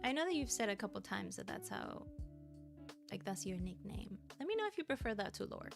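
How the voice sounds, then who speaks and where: A woman's voice: mid-range voice, sing-song, fairly quick, gravelly, music in the background. A woman streamer chatting casually with her livestream viewers, bubbly and giggly, thanking them and rambling between topics.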